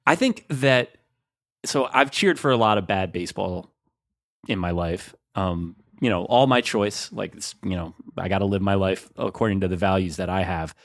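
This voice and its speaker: Rambling podcast host, lots of 'like'. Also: male voice, deep voice, expressive, moderate pace, fairly bright tone, no echo, clean studio sound. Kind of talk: casual chat.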